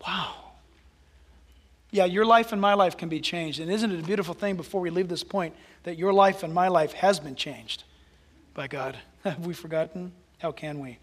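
A male pastor preaching a sermon, animated, dropping to hushed asides and rising to loud exclamations. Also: high-pitched, normal speed, big-room sound.

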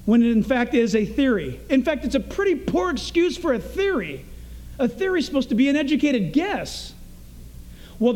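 Emphatic preacher with a high, lively voice. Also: male voice. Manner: emphatic, rhetorical questions, sarcastic asides. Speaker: pastor. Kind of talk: sermon.

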